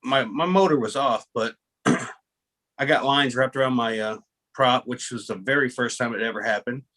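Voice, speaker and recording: Speaking at normal speed in a mid-range voice with a sharp tone, a man hosts a casual video call. He's a rambling storyteller who restarts frequently and mocks himself.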